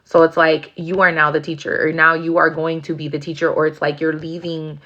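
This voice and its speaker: A woman's voice: low voice, level tone, brisk, pushed and bright, lo-fi sound. A woman giving a casual tarot reading, rambling with lots of fillers and swearing freely. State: near tears at times. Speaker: tarot reader.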